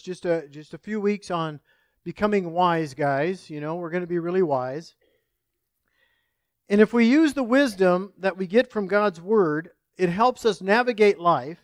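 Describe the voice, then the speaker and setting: A man's voice: sits high, no echo, clean studio sound. A male pastor preaching a sermon, praying and telling a folksy story in an earnest manner.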